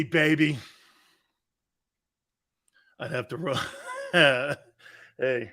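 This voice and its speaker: Brash, animated sports show host. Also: male voice, on the high side, measured pace. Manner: animated, rambling, brash, laughs often. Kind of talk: sports talk show rant.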